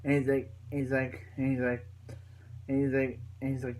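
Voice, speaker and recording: A man's voice: mid-range voice, monotone, normal speed, darkish tone, slight background noise, poor audio. A young man recapping a TV episode in a casual, rambling way, full of fillers and restarts. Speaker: reviewer.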